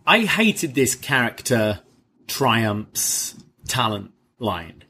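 A man's voice: medium pitch, big pitch swings, drawn-out words, bright, forceful tone, slightly rough. Opinionated man on a podcast. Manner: opinionated, hedges with "I think". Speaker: co-host. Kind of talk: casual podcast review chat.

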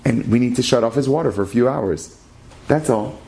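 A man's voice: mid-range voice, fairly quick, gravelly, mellow, slight background noise, lightly acted. A man voicing a burly male utility worker who barks short, dismissive orders. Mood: explaining. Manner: curt, dismissive, barking.

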